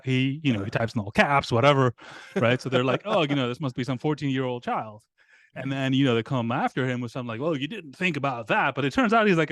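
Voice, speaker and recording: A man talking as a podcast guest in casual conversation, halting with many restarts and fillers and laughing often. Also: mid-range voice, no echo, studio quality.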